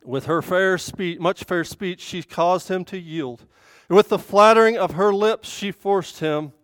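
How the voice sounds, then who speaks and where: Clear-voiced woman preaching earnestly. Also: fairly low pitch, measured pace, no echo. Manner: earnest, swelling loud and emphatic on key points. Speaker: women's speaker at a church service. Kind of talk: sermon with scripture reading.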